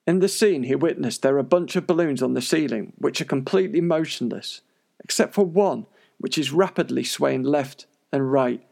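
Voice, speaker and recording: Male presenter for scripted narration: wry and sarcastic, with a gravelly voice. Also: on the high side, a little mellow. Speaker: paranormal news presenter.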